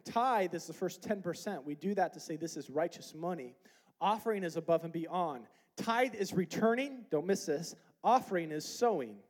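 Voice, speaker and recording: A pastor preaching a sermon, reading scripture aloud and asking the congregation questions, building to loud, emphatic passages. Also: male voice. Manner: emphatic preaching that rises to loud, high peaks; quotes and explains scripture with rhetorical questions.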